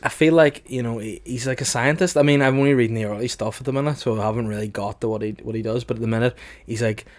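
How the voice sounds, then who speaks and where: Deadpan man hosting a podcast. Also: mid-range voice, quick pace. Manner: deadpan and rambling, full of fillers. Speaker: podcast host. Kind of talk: casual comedy chat.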